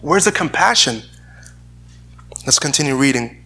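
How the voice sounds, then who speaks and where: A man's voice: mid-range voice, expressive, measured pace, bright, forceful tone, breathy edge. A man preaching a sermon and reading scripture aloud, earnest in tone, often repeating words as he searches for the phrasing. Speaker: pastor.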